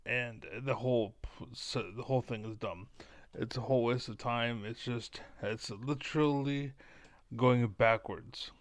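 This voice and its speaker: A self-assured man rambles bluntly to his audience, circling back and restating his points. His voice is smooth and clean. The sound is dry and close, with no room around it. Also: medium pitch, fairly even intonation, measured pace, no room sound. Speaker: online commentator. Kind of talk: casual monologue to camera.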